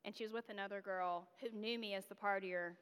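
A woman's voice: medium pitch, steady tone, fairly quick, fairly bright tone, smooth, big-room sound. A woman from North Carolina giving a storytelling sermon, candid and conversational, with self-deprecating asides. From North Carolina, USA. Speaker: guest preacher.

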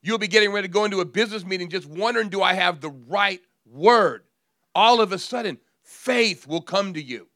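A middle-aged male pastor preaching a sermon, swinging from hushed, drawn-out phrases to loud, emphatic declarations. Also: high voice, no room sound, clean studio sound.

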